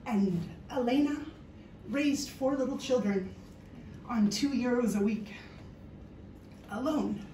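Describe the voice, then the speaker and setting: Slow, playful woman on stage. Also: a little high, dark tone, slight background noise. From Canada. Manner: playful storytelling, jokes with the audience. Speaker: speaker giving a talk. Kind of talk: humorous stage talk. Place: stage before a live audience. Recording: echoey hall, voice from far off.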